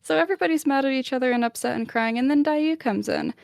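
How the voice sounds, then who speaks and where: A woman on a book club podcast casually retelling a chapter of a novel, chatty and animated, with plenty of "like". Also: high-pitched, fast talker, vocal fry, a loud crowd. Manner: chatty, lots of "like", animated summarising.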